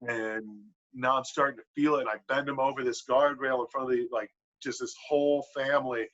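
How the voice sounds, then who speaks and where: A man on a podcast telling a wrestling story in casual, animated talk, swearing a lot and filling with "like". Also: medium pitch, fairly quick. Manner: animated, profane, lots of "like" fillers. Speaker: podcast guest, pro wrestler. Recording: dull lo-fi podcast audio.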